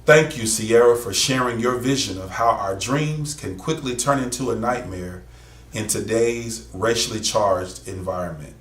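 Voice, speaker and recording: A man's voice: fairly low pitch, a little slow, a bit bright, echoey room, distant mic. A man hosting a program, introducing speakers in a formal, ceremonial manner. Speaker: host.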